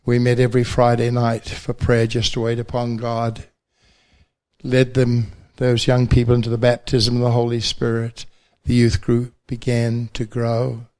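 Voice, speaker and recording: With a completely flat delivery at a measured pace, an older New Zealand pastor with a medium pitch and New Zealand accent recounts his faith testimony at a banquet. He uses gentle self-deprecating humor.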